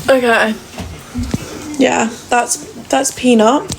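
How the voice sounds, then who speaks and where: Gushing high-voiced woman. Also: slow pace, gravelly, music in the background, poor audio. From England. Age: young adult. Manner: gushing, cooing baby talk to her dog. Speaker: live streamer. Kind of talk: casual live-stream chat. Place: home kitchen. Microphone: phone livestream. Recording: loud crowd noise behind.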